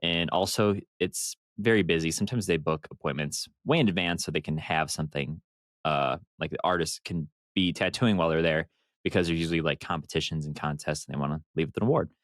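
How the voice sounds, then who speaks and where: A man's voice: extremely low pitch, brisk, no room sound, studio quality. A man co-hosting a podcast in casual chat, telling long rambling stories with the odd swear word. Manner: rambling, animated storytelling with swearing. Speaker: podcast co-host.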